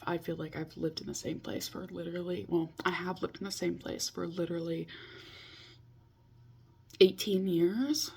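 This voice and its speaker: Husky-voiced young woman vlogging casually. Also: on the low side, normal speed, a little mellow. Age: 20s. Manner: chatty, self-mocking, talks to herself. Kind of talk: casual confessional vlog. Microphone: video call.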